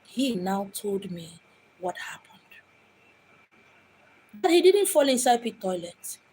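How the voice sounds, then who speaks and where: A woman's voice: medium pitch, big pitch swings, takes it slowly, darkish tone, a little hiss or hum. A woman from Abia State in Nigeria with a Nigerian accent, a spiritual medium speaking in an impassioned, dramatic monologue. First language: Igbo. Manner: dramatic, acts out quoted voices. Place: home in Lagos.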